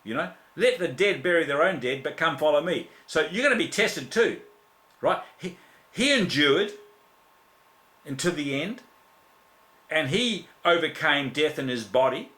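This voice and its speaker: Aussie guy preaching, bright forceful voice, repeats himself a lot, echoey room. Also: on the high side, lively intonation, unhurried, pauses often. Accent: Australian. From Australia. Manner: repetitive, emphatic declarations with many fillers and restarts. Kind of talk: impassioned sermon.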